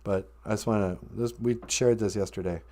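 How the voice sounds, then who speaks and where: A man hosting a podcast in a low, soft-spoken, deadpan comedic chat. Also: a little fast. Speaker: podcast host.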